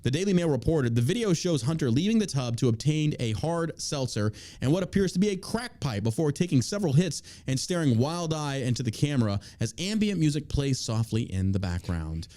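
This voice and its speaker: A man's voice: on the high side, big pitch swings, fairly quick, few pauses, dark tone. A man hosting a political commentary podcast, reading news items aloud and then ranting at listeners with heavy profanity. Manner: heated, preachy appeals to listeners. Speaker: podcast host.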